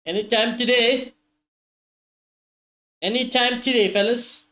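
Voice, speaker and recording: A high-voiced man streams a live football watchalong. He reacts loudly to every chance, swears freely and keeps calling out to his viewers. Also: slow pace. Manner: excitable, swears often, talks straight to viewers.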